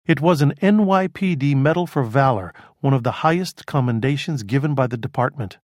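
A man reads a crime novel aloud in a steady, measured voice. His pitch sits squarely in the middle. The recording is close and dry, with no room sound. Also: dry recording. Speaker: audiobook narrator. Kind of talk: scripted narration.

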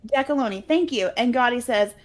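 A woman with a slightly high voice chats through a movie plot in a casual podcast. She tells it scene by scene with easy laughs and brief mock voices for the characters' lines. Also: animated, moderate pace. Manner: chatty storyteller, laughs often, quotes scenes with mock voices. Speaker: podcast co-host recapping a movie. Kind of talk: casual chat.

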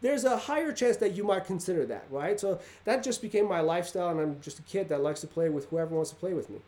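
A man with a high-pitched voice hosts a casual podcast chat. He tells his stories with energy and acts out the voices of the people in them. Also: expressive, fast talker, dark tone. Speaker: podcast host. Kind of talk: casual storytelling interview.

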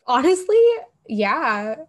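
Lively profane woman telling a story. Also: on the high side, slow. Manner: animated, profane, acts out quotes. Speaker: podcast co-host. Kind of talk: casual storytelling chat.

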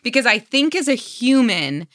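A woman in her thirties hosting a podcast, chatting casually and telling animated stories. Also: on the high side, moderate pace, no echo, clean studio sound. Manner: expressive storyteller, acts out voices. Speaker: podcast host. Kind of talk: casual conversation.

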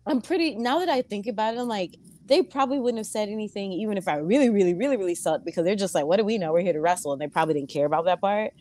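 An animated woman talking as a podcast guest, her voice leaping high when she acts out what others said. She tells her stories in a loose, chatty way, moving quickly from one aside to the next. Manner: animated, acts out voices with big pitch jumps. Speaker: pro wrestler and singer, guest. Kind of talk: casual interview storytelling.

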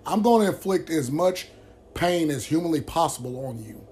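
A man's voice: a little high, animated, normal speed, darkish tone. A man hosting a vlog who tells a friend's story to the camera in a blunt, heated way, with constant swearing. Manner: blunt, heavily profane and heated.

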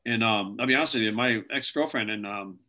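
A man's voice: lowish voice, fairly quick, bright, forceful tone. A man telling stories as an interview guest, rambling and filling his talk with "like" and "you know". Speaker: interview guest, video creator. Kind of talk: casual interview storytelling.

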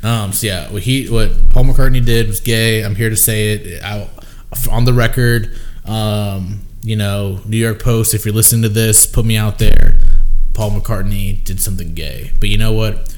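A man's voice: lowish voice, fairly even intonation, normal speed. A young man co-hosting a podcast, rambling and joking in casual chat, full of fillers. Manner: rambling, jokey, filler-heavy. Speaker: podcast co-host.

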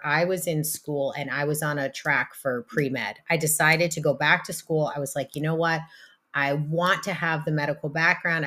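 Low-voiced earnest woman podcast host. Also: fairly bright tone. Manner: enthusiastic, earnest, talks of healing and energy. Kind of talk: casual chat.

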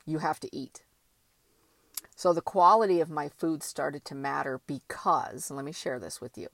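A woman's voice: deep voice, normal speed, vocal fry, dry recording. A woman giving a candid motivational monologue, blunt and emphatic, with casual swearing. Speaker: motivational vlogger.

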